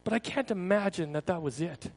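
Man, pastor, conversational sermon, high-pitched, casual, stumbles over words. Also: expressive, brisk, a little mellow, rough recording. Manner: casual, repeats words, asks the congregation questions.

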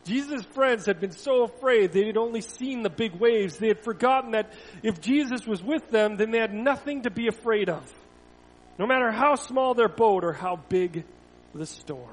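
A man, a pastor, reading a children's Bible story to a church, swelling loud then dropping to a hush. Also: high-pitched, animated, normal speed. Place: church sanctuary. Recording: long reverb of a church hall.

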